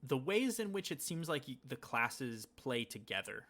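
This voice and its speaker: A man's voice: medium pitch, sing-song, moderate pace, a bit bright, a little hiss or hum. A man co-hosting a casual podcast, telling a story in a rambling way and acting out the lines he quotes. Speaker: podcast co-host. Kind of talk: casual chat.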